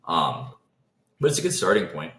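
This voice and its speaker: A man with a very low voice runs through a casual trading lesson at a rapid clip. He keeps cutting off his own thoughts and starting over. The room around him has a clear echo. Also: sing-song, sharp tone. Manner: fast talker who interrupts his own thoughts. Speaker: trading video host.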